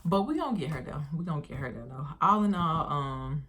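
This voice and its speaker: Low-voiced woman telling a story. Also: lively intonation, fairly quick, a bit bright. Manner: slangy, chatty, addresses viewers directly. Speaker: vlogger. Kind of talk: casual storytime.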